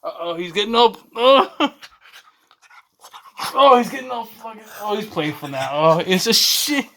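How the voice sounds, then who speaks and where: A man's voice: high voice, lively intonation, unhurried, a bit bright. A man vlogging at home, cooing at his dog and swearing casually as he talks.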